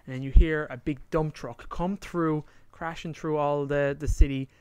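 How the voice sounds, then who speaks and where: Man, podcast co-host, animated retelling, acted-out quotes, smooth clear voice, dry close mic. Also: a little high, moderate pace, no echo. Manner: animated retelling, acting out quotes, trailing off to recall details. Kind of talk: casual chat recapping a story.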